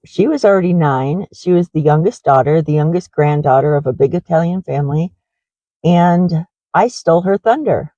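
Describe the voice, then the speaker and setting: A woman's voice: sits low, moderate pace, warm tone, no echo, lo-fi sound. A middle-aged woman who runs a horse ranch, rambling in a confessional way with many fillers in a casual walking vlog.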